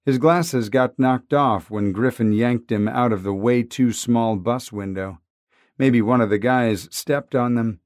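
A man reading a novel aloud in a wry, conversational way. His voice sits at a middle pitch, and the recording is close and dry with no room sound. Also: measured pace, a little mellow, no echo. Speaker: audiobook narrator. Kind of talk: scripted narration.

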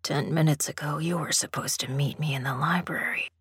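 A woman's voice: fairly even intonation, brisk, fairly bright tone, no echo, studio quality, heavily acted. A woman whispering as a stern male master. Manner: low, rough, commanding whisper. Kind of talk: whispered role-play.

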